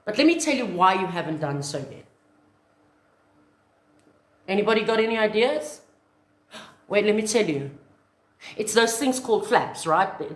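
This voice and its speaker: A woman giving a motivational talk to camera, her voice lively and swooping. It sits a little high and rings in a roomy echo as she acts out little scenes. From South Africa. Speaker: online business coach.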